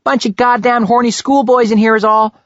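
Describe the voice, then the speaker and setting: A man's voice: extremely high pitch, fairly even intonation, fairly quick, a bit bright, no room sound, dull audio, pitched above the performer's own voice. A man voicing a brash, rich young woman with a West Coast American accent, teasing her friend.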